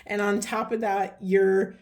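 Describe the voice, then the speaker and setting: Mellow-voiced woman giving a rambling card reading. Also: mid-range voice, level tone, unhurried. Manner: meandering, searching for words with many fillers. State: voice getting hoarse. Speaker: tarot reader. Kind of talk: spiritual card reading monologue.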